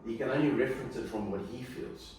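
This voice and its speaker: A male wedding celebrant gives a couple an earnest, coaching talk before their ceremony, speaking quickly in a mid-range, slightly mellow voice. It's recorded in an echoey room on a distant mic with faint noise.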